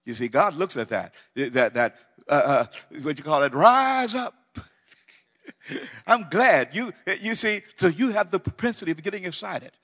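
A middle-aged male pastor preaching a sermon, swinging from loud, excited near-shouting down to low, quiet speech. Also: normal speed, in a large hall.

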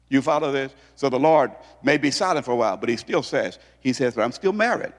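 A male pastor preaching an emphatic sermon, firing off rhetorical questions as his voice swings high and low. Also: expressive, quick pace, few pauses. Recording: long hall reverb.

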